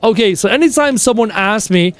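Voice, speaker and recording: High-voiced chatty man streaming live. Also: fairly quick. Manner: chatty, animated storytelling, answers chat questions. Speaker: livestreamer chatting with viewers. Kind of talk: casual live-stream chat.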